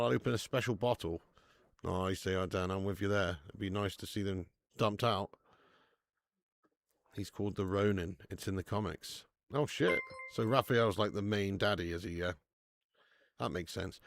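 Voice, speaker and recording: A man hosting a live football watch-along stream, chatting casually, swearing freely and loudly hyping up viewers who tip. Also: lowish voice, gravelly, no echo. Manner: casual and sweary, with loud bursts of hype thanking viewers.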